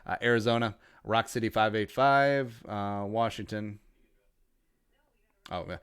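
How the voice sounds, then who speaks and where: A laid-back man hosts a casual livestream, reading shout-outs with wry little jokes. His voice sits fairly low and sounds smooth and clear. The recording is dry and close, with no room around it. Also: unhurried, no room sound. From Minnesota. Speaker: podcast host.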